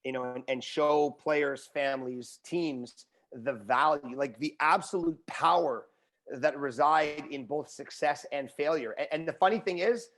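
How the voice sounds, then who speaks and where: A man speaking as a guest in an interview. He talks the way a motivational speaker does, animated and encouraging. His voice sits a little above the usual male pitch. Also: a little slow. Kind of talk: conversational interview.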